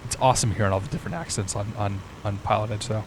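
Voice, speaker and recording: A man's voice: lowish voice, steady tone, rapid-fire, noisy background. A man streaming a flight simulator, chatting casually with viewers and thinking aloud.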